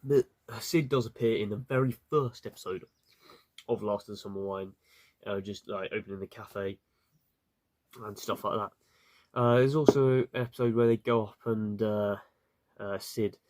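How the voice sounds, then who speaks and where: A man's voice: fairly low pitch, fairly even intonation, normal speed, long pauses, darkish tone. A man giving a casual, rambling spoken review, full of fillers and restarts. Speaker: video reviewer.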